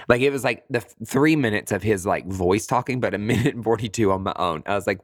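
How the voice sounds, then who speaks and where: A man talking casually to his listeners, acting out his own thoughts in quick jumps to high, dramatic voices. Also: lively intonation, a bit bright, no room sound, studio quality. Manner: swears freely, says "girl" and "honey". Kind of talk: casual monologue.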